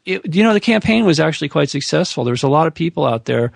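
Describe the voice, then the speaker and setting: A man's voice: a little high, lively intonation, quick pace, gravelly, breathy edge, no room sound. A middle-aged man as an interview guest, talking frankly in casual conversation with many restarts.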